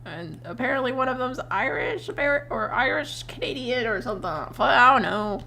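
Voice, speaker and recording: A young adult woman streamer chatting casually while she draws, telling animated stories, laughing often and swearing freely. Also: high voice, brisk, gravelly. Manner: animated storytelling with voiced quotes.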